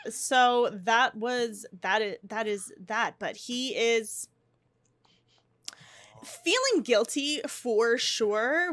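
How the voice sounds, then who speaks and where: A woman's voice: on the high side, a bit bright, dry recording. A young woman giving casual, chatty gameplay commentary, often restarting and gasping. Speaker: life-sim gameplay narrator. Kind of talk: casual let's-play commentary.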